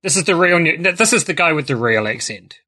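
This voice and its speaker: A man with a fairly high, bright voice chats on a podcast, his pitch bouncing around a lot as he talks. He sounds enthusiastic and drops in chuckling asides. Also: animated, quick pace. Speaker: podcast co-host. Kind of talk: casual chat about a film.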